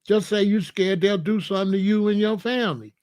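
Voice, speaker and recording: Confrontational man with a high voice. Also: a little fast, darkish tone. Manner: confrontational, repeats questions, preachy. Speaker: host answering a viewer. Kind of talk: live-stream commentary.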